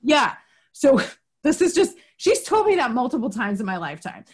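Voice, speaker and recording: A woman's voice: fairly high pitch, sing-song, normal speed, slightly rough. A woman hosting a podcast interview, talking candidly about her own life and laughing often. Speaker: podcast host. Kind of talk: casual interview chat.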